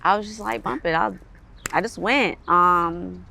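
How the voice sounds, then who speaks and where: A woman of Caribbean background, a guest in an interview, telling stories in a casual, animated way with frequent laughter. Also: on the low side, unhurried, gravelly, a little hiss or hum. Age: adult with a son. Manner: animated, laughs often, quotes others. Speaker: interview guest, artist and model.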